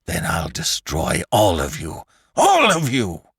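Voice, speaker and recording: A man voicing a hateful, desperate dead man brought back to life, speaking slowly and heavily in a storybook reading. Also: a bass voice, creaky, fairly bright tone, breathy edge, no room sound, studio quality, voice pushed down, full character voice. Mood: screaming. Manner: slow, heavy, bitter.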